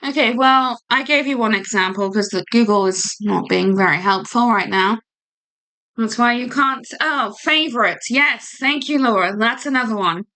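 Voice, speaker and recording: A woman's voice: on the high side, normal speed, pushed and bright. A British woman hosting a casual livestream, chatty and rambling with a giggle and lots of fillers. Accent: British English. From United Kingdom. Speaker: livestream host.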